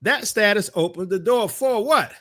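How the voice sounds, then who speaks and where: New orleans guy preaching to his people, high voice that swings all over, dry close sound. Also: expressive, moderate pace, fairly bright tone, no echo. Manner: preacherly, calls on the audience directly. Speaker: ministry teacher. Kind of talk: religious commentary with scripture.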